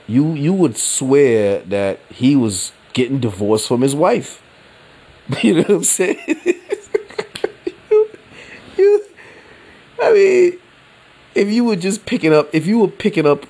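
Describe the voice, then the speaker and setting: A man hosting a casual solo sports podcast, rambling in a relaxed, slangy way and laughing often. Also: medium pitch, measured pace, pauses often, slightly rough. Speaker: podcast host.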